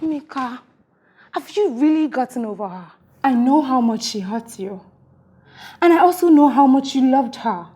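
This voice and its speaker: A woman's voice: high voice, expressive, moderate pace, dark tone. An actress playing a worried, pushy woman who confronts a friend about his wedding, speaking with a Nigerian accent. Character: anxious, meddling woman friend of the groom. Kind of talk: film drama acting.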